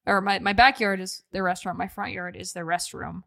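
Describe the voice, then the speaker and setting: A woman's voice: mid-range voice, little pitch movement, brisk, vocal fry, bright, forceful tone, no room sound, studio quality. A young woman co-hosting a podcast in a chatty, laughing, self-deprecating way. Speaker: podcast co-host. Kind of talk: casual podcast chat.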